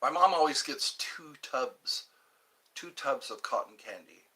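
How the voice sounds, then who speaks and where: A man hosting a casual livestream from home, rambling cheerfully between topics and answering viewer comments. His voice is bright and slightly high, and his pitch leaps around. He speaks slowly. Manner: chatty, rambling, animated, with pitch leaps when greeting viewers. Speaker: livestream host.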